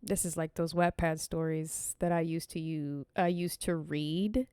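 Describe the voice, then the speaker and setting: A woman streamer reading a visual novel aloud and breaking off into animated, slangy, swearing reactions to her chat. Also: sits low, measured pace, smooth, no echo, clean studio sound.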